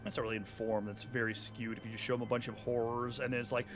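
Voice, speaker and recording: A man's voice: mid-range voice, level tone, quick pace, soft background music. A man commentating casually while he plays a video game, joking and rambling sarcastically over the cutscenes. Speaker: streamer playing a video game. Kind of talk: casual let's-play commentary.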